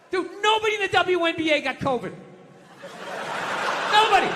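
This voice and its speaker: A man doing stand-up comedy, telling stories in a shouting, profane rant and putting on mock voices, on a comedy stage. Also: extremely high pitch. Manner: animated storytelling with mock voices. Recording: echoey live venue with audience noise.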